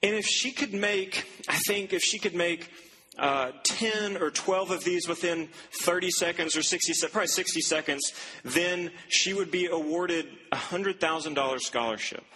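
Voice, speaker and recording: A man's voice: high-pitched, moderate pace, bright, forceful tone, slight background noise. A young man preaching a sermon to students, telling a story in a loose, chatty way with asides and laughs. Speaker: campus preacher. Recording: long hall reverb, faint ambience.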